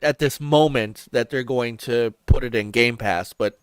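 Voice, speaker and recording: A man's voice: medium pitch, measured pace, smooth, dry recording. A man hosting a video game podcast in casual chat, talking in a loose, chatty way with restarts. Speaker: podcast host.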